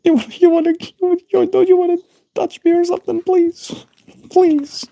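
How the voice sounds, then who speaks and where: A man's voice: extremely high pitch, level tone, moderate pace, gravelly, dark tone, voice pushed up. A man voicing a needy pet dog that whines and pleads over and over for scratches and affection. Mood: pleading. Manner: whiny, pleading, repetitive.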